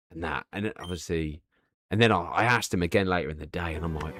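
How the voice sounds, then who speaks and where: A man's voice: deep voice, quick pace, faint music behind. A man in his thirties chatting casually on a live stream, telling a candid, profane, rambling story full of restarts.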